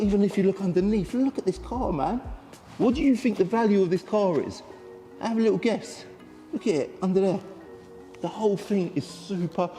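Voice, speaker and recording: A man, a car dealer chatting excitedly to camera in a casual walkaround vlog. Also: sits high, in a large hall.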